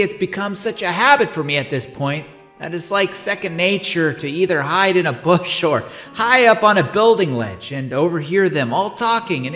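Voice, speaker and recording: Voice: medium pitch, bright, forceful tone, exaggerated voice. A performer voicing a small, curious young boy rabbit who chats playfully, says y'all and laughs often in a fan-made cartoon.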